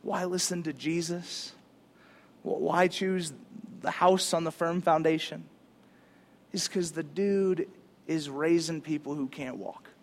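A male pastor preaching a sermon in an animated, casual, conversational way, using slang. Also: on the high side, slow pace, long pauses.

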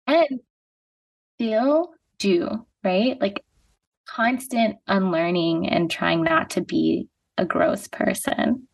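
A woman's voice: medium pitch, slow pace, vocal fry. Reflective woman, heard slightly off-mic. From United States. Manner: reflective, heavy use of "like". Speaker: podcast guest. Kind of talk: casual conversation. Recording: voice a bit distant from the mic.

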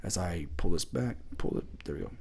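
A man's voice: sits low, lively intonation, a little fast, gravelly, a little mellow, a little hiss or hum. A man hosting a solo podcast in casual commentary, talking heatedly with lots of swearing and restarts. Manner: heated, profane, rambling with restarts. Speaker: podcast host.

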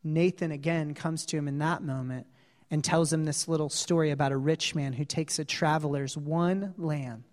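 A male preacher giving a sermon, telling a story earnestly with dramatic pauses. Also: a little high, steady tone, darkish tone. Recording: long hall reverb.

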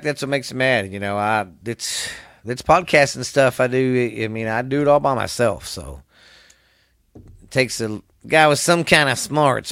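This is a fired-up, profane solo podcast rant from a middle-aged host with a Southern US accent, who rambles in his drawl. Studio quality and echo-free, the recording carries his clean, fairly bright, medium-pitched voice.

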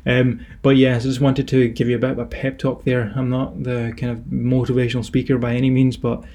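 A man's voice: mid-range voice, monotone, fairly quick, mellow. A young Scottish man hosting his own podcast, giving an encouraging, rambling pep talk on a headset mic. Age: young adult. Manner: encouraging, rambling with fillers and restarts. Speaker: podcast host and personal trainer.

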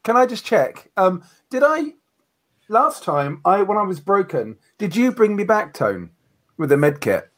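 A man playing in a tabletop game, animated, laughing often and swearing. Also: high-pitched, measured pace. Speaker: player. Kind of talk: casual tabletop play.

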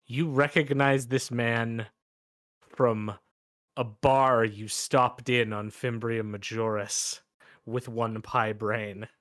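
A man runs a tabletop role-playing game as game master, describing scenes in a loose, hesitant way with frequent restarts. His voice sits at a middle pitch. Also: steady tone, slow, fairly bright tone, dry recording, clean studio sound.

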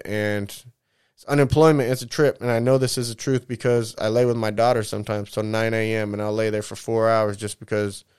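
Rambling mid-thirties man, smooth voice. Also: on the low side. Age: 30s. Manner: rambling, drifts off topic, says "man" a lot; candid and emotional, swears casually. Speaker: vlogger. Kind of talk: casual rambling monologue.

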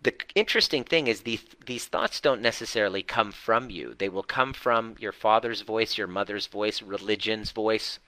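Male coach, live community talk, bright forward tone, close and dry sound. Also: on the low side, normal speed, few pauses, no room sound. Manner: earnest, emphatic, with restarts. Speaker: coach and host.

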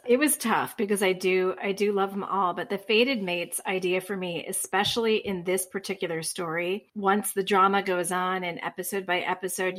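A woman co-hosting a podcast, speaking in a thoughtful, measured way. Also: mid-range voice, a bit bright. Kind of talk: casual podcast chat.

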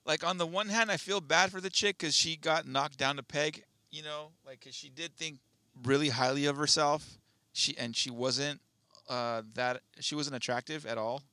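A man with a very bright, sharp voice rambles through a casual podcast chat. He hesitates often and swears freely, and the sound is close and dry. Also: a little high, steady tone, normal speed, dry recording. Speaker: podcast co-host.

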